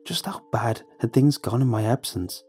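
A man reading a horror story aloud as a scripted narration, with measured, tense storytelling. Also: mid-range voice, lively intonation, warm tone, breathy edge, faint music behind.

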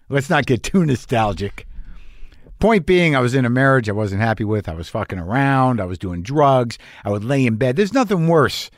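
A man's voice: medium pitch, dry recording, clean studio sound. Profane, self-mocking middle-aged man. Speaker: comedian. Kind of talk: confessional storytelling monologue.

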